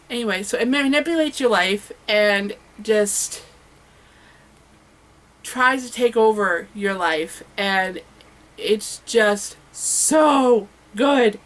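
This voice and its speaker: Woman, casual home book vlogger, enthusiastic, rambling with fillers and self-corrections, average pitch. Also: a bit bright, rough recording. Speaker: booktuber.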